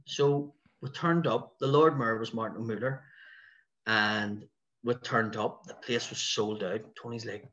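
A man's voice: fairly low pitch, unhurried, dull audio. A man with a Belfast accent, a stand-up comedian telling anecdotes in a casual way and acting out other people's voices. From West Belfast, Northern Ireland. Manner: animated storyteller who acts out the voices of other people.

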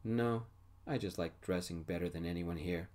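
Resentful drunk male bandmate, voiced by a man, slurring, deep, soft-spoken ASMR storytelling. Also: normal speed, natural voice. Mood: sneering.

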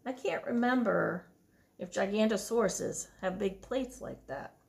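A children's librarian reading a picture book aloud at story time, with hushed asides to the children. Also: female voice, medium pitch, unhurried, creaky.

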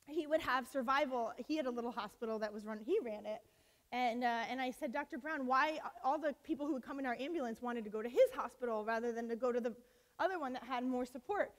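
Brief: woman speaker, high pitch, impassioned storytelling, halting with fillers, long hall reverb. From United States. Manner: impassioned, many fillers and restarts, acts out quotes. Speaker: speaker at a college talk. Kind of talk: personal storytelling talk. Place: lecture hall.

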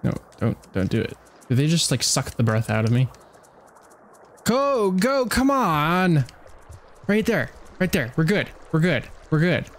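A man's voice: mid-range voice, lively intonation, moderate pace, slight background noise. A man giving casual, chatty commentary while playing a video game, talking to himself and to the creatures on screen. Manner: chatty self-talk, talks to game creatures, frequent laughs. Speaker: let's play gamer.

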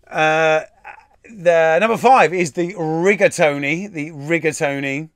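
Male quiz host, fairly high voice, chatty and sweary, dry close desk-mic sound. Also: slow, no echo. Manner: chatty, swears casually, laughs at himself. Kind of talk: live-stream quiz answer reveal.

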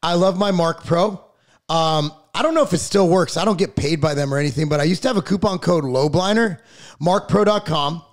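Brief: middle-aged guy, higher-pitched, profane and passionate, casual podcast talk. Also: brisk. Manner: profane, fired-up ranting.

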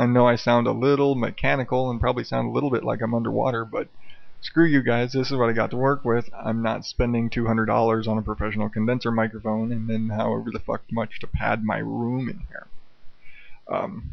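A man's voice: mid-range voice, level tone, fairly quick, gravelly, dry recording, highs cut off. A man hosting a casual late-night solo podcast, rambling and cursing with self-mocking humor, recorded at home on an old karaoke mic. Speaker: podcast host. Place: bedroom at home. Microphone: old dynamic karaoke mic on a stand.

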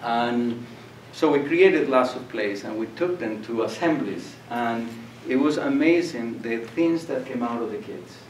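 Older man lecturing in a hall, animated storyteller; distant, roomy recording with light hiss. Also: medium pitch, measured pace, few pauses. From Colombia. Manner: animated storyteller, acts out voices and laughs. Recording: echoey room, distant mic, faint noise.

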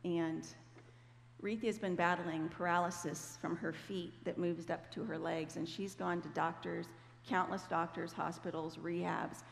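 A woman's voice: on the low side, flat delivery, measured pace, creaky. A woman giving a personal testimony at church in a conversational storytelling way, acting out the voices she quotes. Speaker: church speaker. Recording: echoey hall, faint noise.

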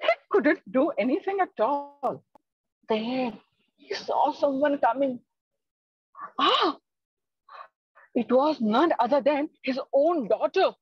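A woman storyteller telling a children's tale slowly and dramatically at an online event. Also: high voice. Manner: slow, dramatic and expressive. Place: home, online talk. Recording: dull lo-fi online recording.

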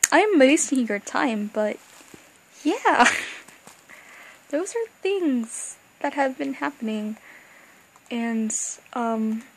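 A young woman chatting excitedly as a fan vlogger, rambling and gushing, with bursts of excitement and quiet asides. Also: fairly high pitch, poor audio. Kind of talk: excited casual fan chat.

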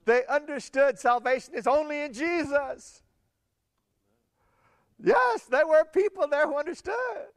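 A man preaching a sermon, telling a Bible story with animated voices for the people in it and laughing often. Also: extremely high pitch, measured pace, long pauses, no room sound, clean studio sound.

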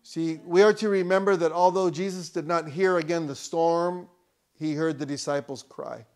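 Man, pastor, fairly high voice, casual sermon, swells to loud bursts. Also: fairly even intonation, normal speed. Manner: conversational preaching, rising to loud emphatic peaks, joking asides. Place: church.

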